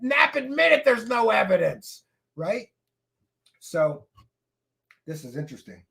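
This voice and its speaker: A man hosting his own commentary show, ranting sarcastically and breaking into shouts at times. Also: fairly high pitch, slow, gravelly. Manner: animated, sarcastic, bursts into shouting. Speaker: show host.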